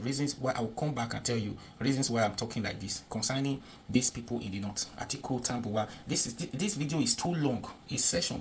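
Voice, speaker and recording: A man's voice: medium pitch, a little hiss or hum. A Nigerian man giving casual political commentary on a video, chatty and repetitive, often checking that the viewer understands.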